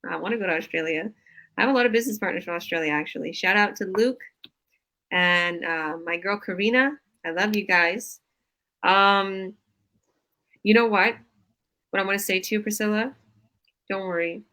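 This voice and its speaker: A woman's voice: medium pitch, moderate pace, pauses often, sharp tone, rough recording. A woman coach hosting a casual live stream over a video call, gushing with enthusiastic praise.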